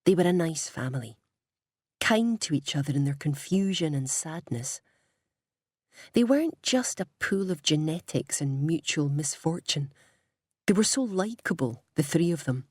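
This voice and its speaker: Husky woman reading an audiobook. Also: sits low, normal speed, no echo, clean studio sound. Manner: expressive reading, voicing each character. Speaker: audiobook narrator. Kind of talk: audiobook narration.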